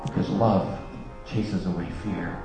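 A man telling a long story as part of a sermon, earnest and dropping to a hush at the most moving points. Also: deep voice, steady tone, measured pace. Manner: earnest storyteller, softening to a hush at emotional peaks. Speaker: speaker. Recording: dull echoey hall with music.

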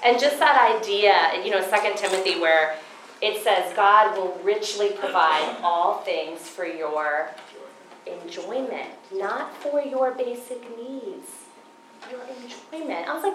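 A woman giving a Christian seminar talk at a conference. She tells stories in an animated way and acts out her own past thoughts. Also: medium pitch, slow, reverberant, a little hiss or hum, rough recording. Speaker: conference speaker.

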